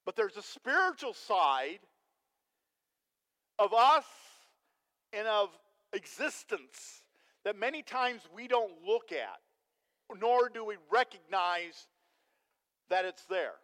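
A man preaching a sermon as pastor, telling a story with animated energy and putting questions to the congregation. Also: high voice, slow, long pauses. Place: church sanctuary. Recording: long hall reverb.

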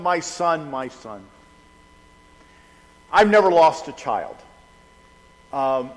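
A middle-aged man preaching a sermon in a relaxed, conversational way, often restarting his sentences. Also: medium pitch, long reverb tail, rough recording. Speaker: pastor.

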